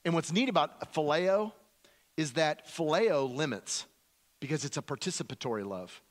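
A male pastor preaching a sermon in an animated, repetitive way, acting out quotes as he goes. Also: on the high side, moderate pace.

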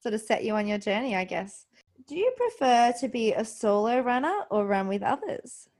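A woman hosting a podcast interview, effusive and chatty, asking her guest quick questions. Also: a little high, big pitch swings. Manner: warm and effusive, gets emotional. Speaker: podcast host. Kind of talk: casual interview chat.

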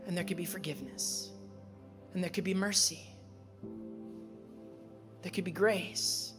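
A male pastor preaching a sermon, emphatic, rising to loud high peaks and then settling into calm, personal storytelling. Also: unhurried, long pauses. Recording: reverberant church hall with music.

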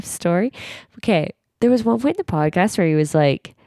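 A woman co-hosting a podcast, talking frankly and at length, jumping high when she quotes people. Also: animated, fairly quick, a little mellow, no echo, studio quality. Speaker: podcast co-host. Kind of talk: candid podcast monologue.

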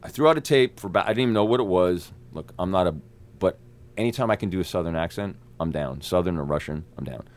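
A male actor telling wild stories as a guest, his voice swooping up and down as he acts out the other people in them. His talk is fast-moving and profane, full of bursts of energy. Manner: energetic, profane, acts out quotes with big pitch jumps. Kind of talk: animated storytelling.

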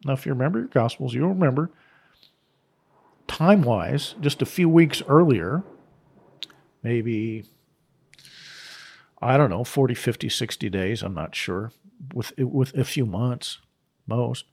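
A man preaching on scripture, emphatic and unscripted, repeating his key phrases and pausing for restarts and asides. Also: mid-range voice, lively intonation, creaky, darkish tone, husky.

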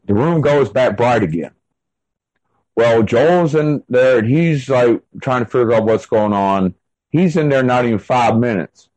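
A man's voice: medium pitch, animated, a little slow, a little mellow, no echo, rough recording. A man being interviewed, telling a long story in a casual, rambling way full of fillers and restarts. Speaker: interview guest.

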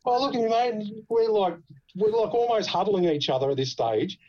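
A man's voice: high-pitched, animated, a little fast, warm tone, muffled recording. A man with an Australian accent hosting a podcast, telling stories in casual chat, swearing freely and laughing as he goes. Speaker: podcast host.

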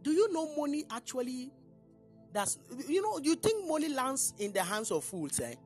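A woman's voice: sits high, very animated, normal speed, a little mellow, faint music behind. A woman preacher delivering a sermon in church, emphatic and questioning the congregation.

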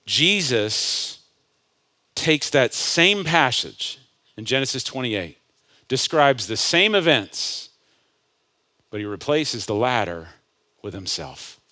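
A male pastor preaching a sermon, climbing to loud impassioned peaks and dropping to hushed lines. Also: medium pitch, sing-song, takes it slowly, pauses often. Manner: builds to loud impassioned peaks, then drops to hushed asides.

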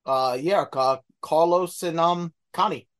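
A man's voice: on the high side, slow pace. A man co-hosting a podcast, chatting about movies in a laid-back, hesitant way. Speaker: podcast co-host. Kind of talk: casual movie chat.

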